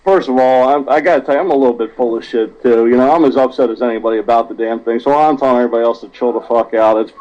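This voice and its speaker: A man's voice: medium pitch, racing, hardly any pauses, a little mellow. Profane ranting man, muffled. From South Jersey, USA. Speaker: regular caller. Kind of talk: casual podcast chat.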